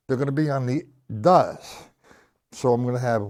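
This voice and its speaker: A man teaching drums on a live stream, counting rhythms slowly aloud and chatting with his viewers. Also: mid-range voice, background noise. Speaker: drum teacher. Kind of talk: live-streamed drum lesson. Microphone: single mic, sometimes hidden by his shirt.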